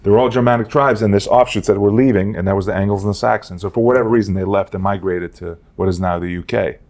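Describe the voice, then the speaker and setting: A man's voice: fairly low pitch, fairly even intonation, fast talker, darkish tone. A man co-hosting a casual comedy podcast, rambling and joking as he lectures on history trivia. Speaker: podcast co-host.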